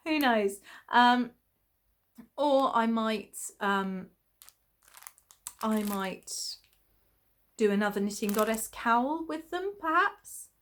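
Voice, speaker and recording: A woman's voice: fairly high pitch, animated, very slow, pauses often, a bit bright. A woman from England, hosting a podcast in a rambling casual chat full of ums and small laughs. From England (Essex). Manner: chatty, rambling with many ums and little laughs. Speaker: podcast host.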